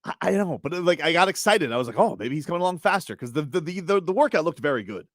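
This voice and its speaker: Male sports radio host with a raised, lively voice; riffs and rants in mock outrage, close dry studio mic. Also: fairly high pitch, fast, no room sound. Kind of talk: casual sports talk radio banter. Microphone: studio microphone.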